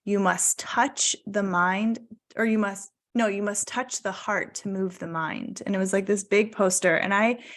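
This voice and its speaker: A woman in her thirties leading a guided mindfulness talk on a video call, gentle and encouraging, stretching out key words. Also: medium pitch, steady tone, unhurried. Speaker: wellness coach.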